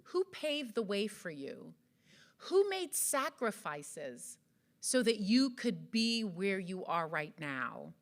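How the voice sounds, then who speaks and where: A woman's voice: mid-range voice, big pitch swings, slow. A woman from Jamaica giving an earnest motivational speech to an audience, full of rhetorical questions. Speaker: event speaker. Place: event hall.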